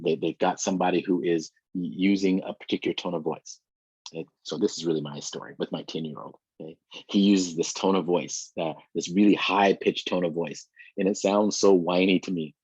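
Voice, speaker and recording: Guy presenting a training talk, low husky voice, walks thru everyday examples, dull lo-fi sound. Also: darkish tone, no echo. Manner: explains with everyday examples, speaking to listeners directly.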